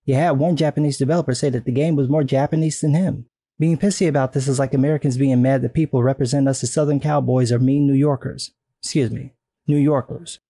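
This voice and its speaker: A man's voice: medium pitch, steady tone, quick pace, dark tone, breathy edge, no echo. A man delivering a sarcastic, indignant video commentary rant with frequent profanity.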